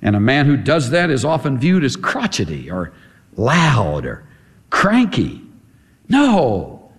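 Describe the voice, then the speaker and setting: A man preaching a sermon, impassioned and emphatic, with repeated staccato phrases and swings between quiet low passages and high forceful ones. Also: wildly swooping pitch, moderate pace, husky. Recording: long hall reverb.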